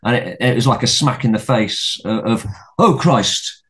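Middle-aged guy rambling on a podcast, keeps restarting his words, swears a lot, average pitch. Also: fairly even intonation, normal speed, a bit bright. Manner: blunt, swears freely. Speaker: podcast guest. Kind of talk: casual storytelling conversation.

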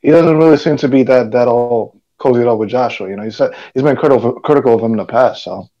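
A man's voice: medium pitch, fast, mellow, lo-fi sound. A man on a podcast panel, talking in a laid-back, hedging way. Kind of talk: casual podcast chat.

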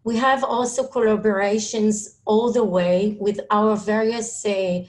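Israeli woman, non-native English, slow halting webinar talk, video-call audio, many fillers. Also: mid-range voice, steady tone. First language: Hebrew. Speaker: school administrator speaking on a panel. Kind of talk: webinar presentation.

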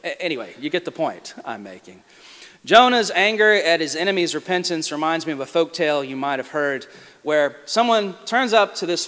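A man delivering a lively sermon as a guest preacher, with quick asides and acted-out quotes. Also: high-pitched. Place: large church sanctuary. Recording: long church reverb.

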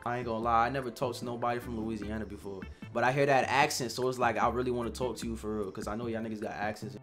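A man's voice: mid-range voice, steady tone, very fast, fairly bright tone, soft background music. Brash slangy New guy, 19. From Queens, New York. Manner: brash, slangy, flirting cockily. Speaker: streamer chatting with strangers. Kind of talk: casual video-chat banter.

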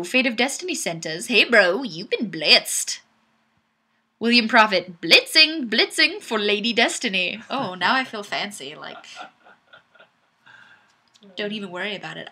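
A woman's voice: fairly high pitch, bright, forceful tone, breathy edge. A young woman hosting a webcam chat, reading viewer comments aloud in a bubbly, playful way and laughing often. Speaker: webcam show host. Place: home webcam setup. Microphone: webcam microphone.

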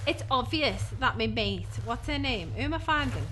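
A woman's voice: on the high side, lively intonation, normal speed, fairly bright tone, a little hiss or hum. A young woman with a gaming headset, giving horror game let's play commentary; jumpy, she shrieks and swears when startled. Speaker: gaming channel host.

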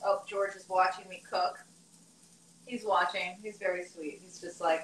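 A young woman vlogger live streams from her home kitchen, cooking while she rambles casually and laughs often. Her voice is lowish, fairly even, unhurried and fairly bright; the kitchen echoes, with clinking cutlery, dish clatter and slight background noise.

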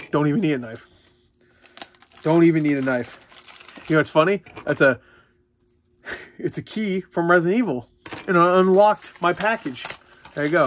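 A man's voice: high voice, fairly bright tone, no echo. A young man ranting in a casual, profane, exasperated way while unboxing a video game. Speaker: gaming vlogger.

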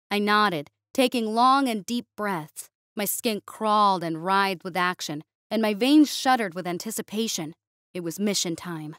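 Female storyteller for sci-fi narration, steady and expressive, dry recording. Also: medium pitch, a little slow, no room sound.

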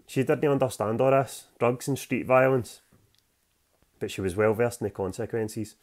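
A man's voice: mid-range voice, moderate pace, a little mellow. Gritty Scottish man reading his own novel. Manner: gritty, plain-spoken reading with slang. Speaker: author.

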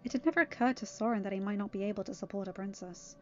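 A woman narrating a fan story aloud in a steady, expressive reading. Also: mid-range voice, rapid-fire, lo-fi sound, faint music behind. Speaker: reader.

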